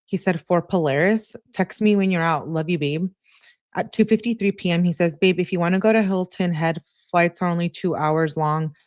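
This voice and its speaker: A woman casually reading out an exchange of text messages in a plain conversational way, pausing for asides and correcting herself. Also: fairly low pitch, darkish tone, no echo, clean studio sound.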